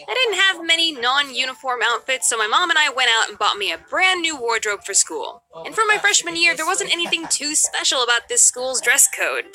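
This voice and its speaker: A young woman telling a scripted storytime about her school days in a lively, sarcastic, jokey way. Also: high-pitched. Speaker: animated storytime narrator.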